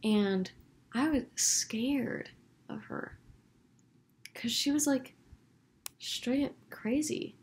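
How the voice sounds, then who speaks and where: A woman's voice: sits high, very slow, pauses often, a little hiss or hum. A young woman vlogger, animatedly retelling a run-in with a neighbor in a casual storytime video. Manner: animated, dramatic retelling with quoted dialogue. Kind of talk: storytime vlog.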